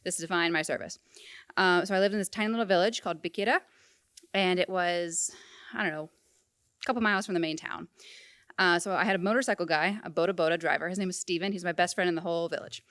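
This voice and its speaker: A young woman telling a personal story to a live audience, animated and comic. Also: fairly low pitch, dry recording, clean studio sound. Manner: animated, comic, quick bursts. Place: event hall before an audience.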